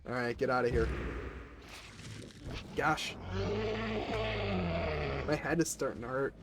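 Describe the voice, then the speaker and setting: A man's voice: mid-range voice, takes it slowly, very noisy. A man who is a little sick, chatting casually with viewers and players as he streams a game.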